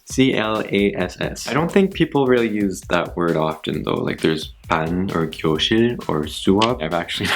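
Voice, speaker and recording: Giggly young man with soft music behind. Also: on the low side. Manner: giggly, self-deprecating, repeats words slowly. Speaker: YouTuber. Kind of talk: casual vlog, word list.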